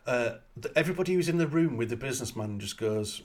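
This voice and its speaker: A man in casual film chat, his voice sitting at an ordinary middle pitch. He retells scenes in a crude, joking way, swearing freely and stopping often for fillers. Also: animated, quick pace.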